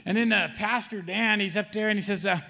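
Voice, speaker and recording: High-voiced middle-aged man giving testimony. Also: fairly even intonation, fairly quick, gravelly, pushed and bright, in a large hall. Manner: conversational, keeps asking the crowd "okay?" and saying "man". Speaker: testimony speaker. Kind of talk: spoken church testimony.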